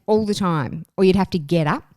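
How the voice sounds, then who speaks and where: A woman's voice: fairly low pitch, fairly quick, dark tone, dry recording. A woman hosting a podcast, chatty and enthusiastic in casual chat. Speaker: podcast host.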